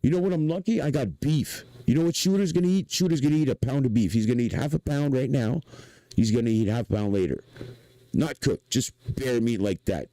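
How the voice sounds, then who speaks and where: A man from Canada with a Quebec French accent, ranting excitably on a livestream, swearing and saying "man" again and again. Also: mid-range voice, fairly quick, no echo. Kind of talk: casual livestream rant.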